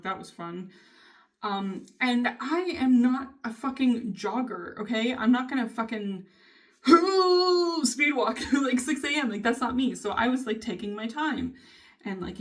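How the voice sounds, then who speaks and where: A woman's voice: medium pitch, distant mic. A woman vlogger talking casually in a diary style, candid and swearing freely as she vents. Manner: candid, frequent swearing, venting with bursts of laughter.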